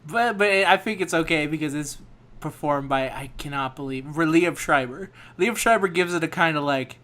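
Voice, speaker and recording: A man's voice: on the high side, moderate pace, sharp tone. Joking young man riffing on movies. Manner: joking, riffing banter with mock impressions. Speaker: podcast co-host. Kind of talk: casual movie discussion chat.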